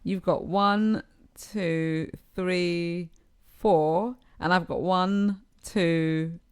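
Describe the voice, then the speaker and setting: A woman's voice: fairly low pitch, fairly even intonation, extremely slow, darkish tone, clean tone. Playful woman co-hosting a podcast. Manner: playful, laughs often. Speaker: podcast co-host, football learner. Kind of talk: casual chat.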